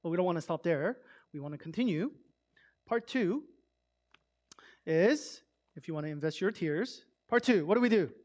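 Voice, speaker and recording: A man giving a sermon in a conversational, emphatic way, swinging between loud stresses and hushed asides. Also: high voice, lively intonation, normal speed, pauses often. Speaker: pastor.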